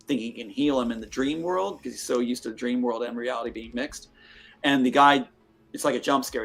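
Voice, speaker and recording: Gravelly raspy guy rambling through a story, faint music behind. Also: medium pitch. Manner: rambling, hesitant fillers. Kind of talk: retelling a story in clips.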